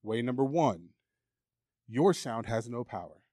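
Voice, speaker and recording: A man delivers a sermon with emphatic, candid conviction, sometimes slowing right down to stress a point. His voice sits at a middle pitch and sounds dry and close to the mic. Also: expressive, warm tone, no echo. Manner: emphatic, candid, acts out mocking inner voices. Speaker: preacher.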